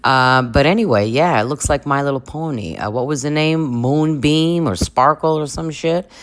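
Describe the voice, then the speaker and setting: A woman's voice: sits low, normal speed. A woman in her forties giving campy, sarcastic commentary on a reality show. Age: 40s. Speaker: reaction channel host.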